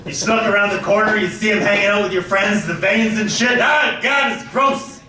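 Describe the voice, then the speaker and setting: A man's voice: high voice, fairly even intonation, brisk. A man doing stand-up comedy at a memorial, telling crude jokes and tributes. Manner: joking, crude punchlines. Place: comedy club stage. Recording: echoey hall from far off, faint noise.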